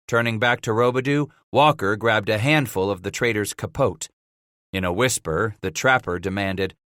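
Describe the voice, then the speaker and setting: A man narrating an audiobook with steady, measured storytelling. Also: lowish voice, no room sound, clean studio sound.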